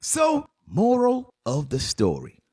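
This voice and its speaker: Animated young man telling a funny story. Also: a little high, slow pace, breathy edge, no echo, studio quality. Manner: animated, slangy, swings into character voices. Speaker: comedic storyteller. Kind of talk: comedic storytime narration.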